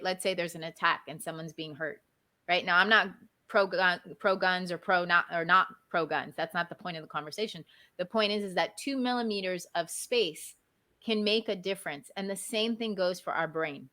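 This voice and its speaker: A woman speaks as a guest in a casual interview, her voice sitting a little low. She tells her story in an animated way and keeps checking in with "right?". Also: normal speed. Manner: animated, often adds "right?".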